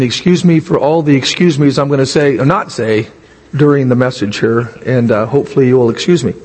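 Hoarse preacher man with a raspy voice. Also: mid-range voice, big-room sound. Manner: preaching, rising to near shouts at climaxes. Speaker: pastor. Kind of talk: sermon.

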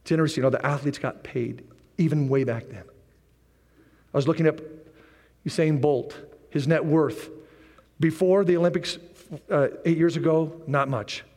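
Animated preacher man in a reverberant hall. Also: on the high side, moderate pace, pauses often. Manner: animated preaching with repetition and joking asides. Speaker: pastor. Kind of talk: sermon. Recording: long reverb of a large hall.

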